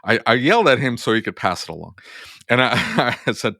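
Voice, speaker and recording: A man's voice: medium pitch, sing-song, fairly quick, creaky, bright, forceful tone, no echo, clean studio sound. A man who runs an auto repair shop, telling a story on a podcast and acting out both sides of his phone calls.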